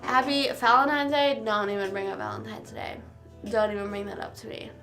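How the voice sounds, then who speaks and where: A woman's voice: medium pitch, brisk, sharp tone, soft background music. A young woman streamer rambling casually to her live chat, self-deprecating and often trailing off. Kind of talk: casual chat with livestream viewers.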